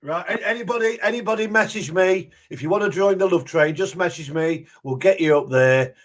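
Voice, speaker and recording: Host, male, slightly high voice, rambling casual live-stream chat. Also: a little fast, crowd noise. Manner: rambling, repeats himself, laughs often. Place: live video call.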